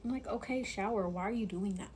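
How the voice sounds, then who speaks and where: A woman's voice: mid-range voice, fast, a little mellow, slight background noise. Chatty woman telling a storytime. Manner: chatty, full of "like", drops to a whisper when quoting. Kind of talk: casual storytime chat.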